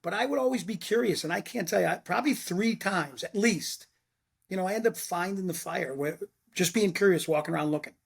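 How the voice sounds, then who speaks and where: A man's voice: sits high, fairly quick, vocal fry, husky. A middle-aged man, a former fire lieutenant telling blunt stories in a casual chat and acting out what people said. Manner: blunt, animated storyteller who acts out quotes. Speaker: retired fire lieutenant, podcast guest.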